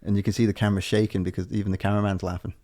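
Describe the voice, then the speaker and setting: Man, podcast co-host, deep dark voice, flat delivery, sweary casual chat. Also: rapid-fire. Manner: rambling, sweary, tangent-hopping.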